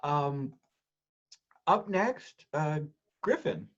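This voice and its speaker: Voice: medium pitch, very animated, drawn-out words. The host of a reading series, talking casually and swearing freely. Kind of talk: casual live-stream hosting. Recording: dull lo-fi audio.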